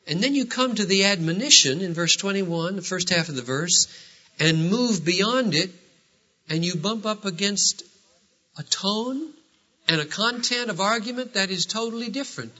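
A man preaching a sermon in a church, asking rhetorical questions with animated delivery. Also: high voice, normal speed. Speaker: pastor. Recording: dull lo-fi sermon recording.

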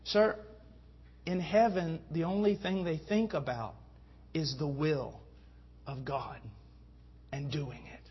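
Husky, fervent male preacher. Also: on the high side, fairly even intonation, slow. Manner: fervent preaching, rising to emphatic peaks. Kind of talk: sermon. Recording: dull lo-fi sound.

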